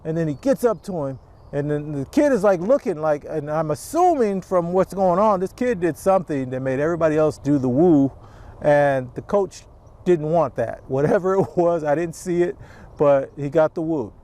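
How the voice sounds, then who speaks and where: Outdoors on his casual vlog, a middle-aged man who owns a youth sports business speaks to camera, wandering off-topic, restarting frequently and acting out quotes. His voice is a little high, warm and animated, at a moderate pace.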